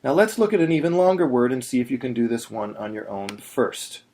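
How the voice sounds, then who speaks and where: A man's voice: mid-range voice, a little fast, a little mellow. A man teaching Torah chanting in a plain, patient voice, stopping to sing short chanted examples. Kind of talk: instructional video narration.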